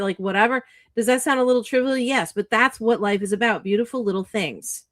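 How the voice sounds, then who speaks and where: A woman co-hosting a casual chat, delivering lively motivational advice with plenty of cursing. Her voice sits fairly high. The sound is dry and close-miked. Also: brisk, hardly any pauses, dry recording. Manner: animated, profane, spiritual pep talk. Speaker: co-host, author.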